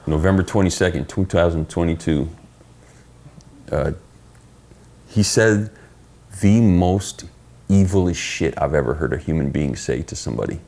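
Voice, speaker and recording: A middle-aged man, a podcast guest, telling stories in casual chat, profane and animated as he acts out what people said. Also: sits low, normal speed, pauses often. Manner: profane, animated storyteller acting out quoted dialogue.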